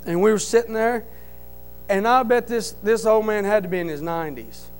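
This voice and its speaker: A man giving an emotional church testimony in plain, folksy speech, repeating his phrases and swinging between loud fervent cries and quiet, hushed stretches. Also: high voice, moderate pace, clean tone, soft background music, poor audio. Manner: fervent, rising to loud cries then dropping to a quiet hush.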